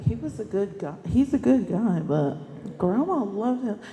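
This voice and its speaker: A young woman giving a eulogy for her grandmother in a church, emotional and near tears, pausing often and filling gaps with "um". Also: medium pitch, expressive, warm tone. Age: young adult. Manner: halting, with many pauses and fillers. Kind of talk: tearful memorial speech. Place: church hall. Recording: echoey hall with faint room noise.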